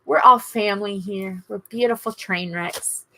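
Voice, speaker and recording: A woman's voice: mid-range voice, steady tone, a little slow, bright, forceful tone, a little hiss or hum. A middle-aged woman with a Southern US accent, hosting a casual livestream and chatting in a rambling, gushing way with her viewers. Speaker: livestream host. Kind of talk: casual live-stream chat to viewers.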